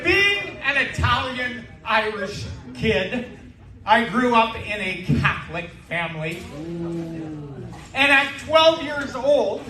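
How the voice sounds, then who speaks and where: A man in his sixties doing a stand-up comedy set with brash, crude punchlines on a club stage in a casino. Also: high voice. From Canada. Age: 60s. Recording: roomy live club sound from a distance with crowd noise.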